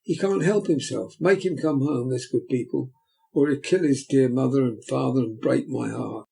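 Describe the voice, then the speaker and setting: A man voicing a distraught young woman who wails and pleads in a high, tearful voice, within a read-aloud classic novel. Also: moderate pace, gravelly, mellow, slightly rough. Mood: pleading. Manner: shrill, tearful, theatrical wailing.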